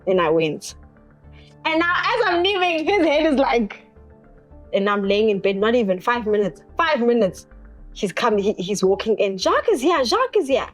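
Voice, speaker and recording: A woman's voice: on the high side, expressive, normal speed, faint music behind. A young woman tells a personal story as an interview guest, acting out the other people's lines as she goes.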